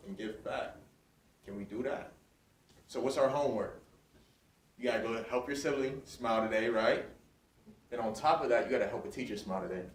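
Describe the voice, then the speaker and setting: Energetic man hyping a school hall. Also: medium pitch. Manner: energetic call-and-response, hyping up the crowd. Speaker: guest motivational speaker. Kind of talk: motivational school assembly speech. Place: large school hall with a student audience. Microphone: recorded from a distance. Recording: echoey hall, distant mic, faint noise.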